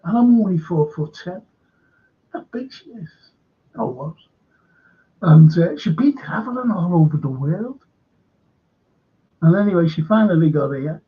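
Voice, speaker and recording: Hosting a livestream, a man tells a long, meandering anecdote, swearing freely. His voice is fairly high and animated, at a moderate pace broken by long pauses, and the stream audio sounds dull and lo-fi.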